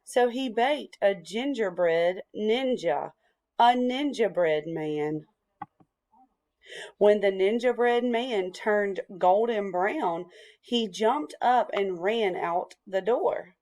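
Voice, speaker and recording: A woman reading a picture book aloud in a slow, deliberate storytelling voice. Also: mid-range voice, a little mellow.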